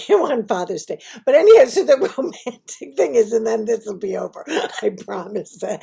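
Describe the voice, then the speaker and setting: A woman's voice: a little high, gravelly, darkish tone, breathy edge. A woman talking to the camera in a casual video monologue, rambling and laughing at herself. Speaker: vlogger.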